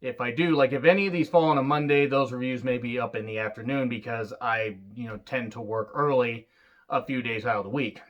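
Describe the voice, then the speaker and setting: An excitable man talks through a wrestling review in a loose, rambling solo chat. He swears freely and drifts into asides. His voice sits at an ordinary middle pitch, and the recording is a little dull and lo-fi. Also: fairly quick.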